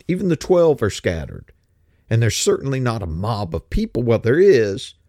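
Male preacher, lively pitch swings, rhetorical questions, dry close mic. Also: moderate pace, no echo. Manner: animated, rising emphasis, rhetorical questions. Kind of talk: sermon.

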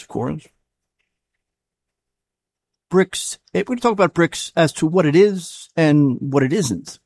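A man's voice: mid-range voice, darkish tone. A man hosting a solo commentary show, talking casually and rambling, often stopping to correct himself. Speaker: show host.

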